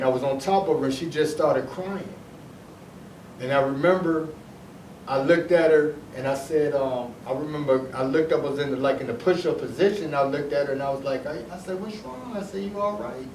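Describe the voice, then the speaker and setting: A middle-aged man from Detroit talks through his own story in a loose, rambling way, going back over his words and starting sentences again. His voice sits a little higher than most men's. He sounds set back from the mic in an echoey room, with a faint hiss behind him. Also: distant mic. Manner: rambling, repeats himself, restarts sentences. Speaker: storyteller recounting his past. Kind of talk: casual personal storytelling.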